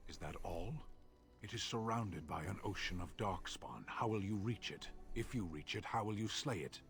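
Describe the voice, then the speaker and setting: An actor playing a huge, stern warrior in a video game, who speaks bluntly and judges coldly. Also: male voice, fairly low pitch, moderate pace, vocal fry, fairly bright tone. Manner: blunt, clipped, judging.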